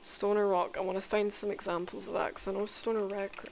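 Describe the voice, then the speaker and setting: A woman making a casual music tier list, swearing often, mumbling asides and bursting into loud excited outbursts. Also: mid-range voice, a little fast, creaky, slight background noise. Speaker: content creator.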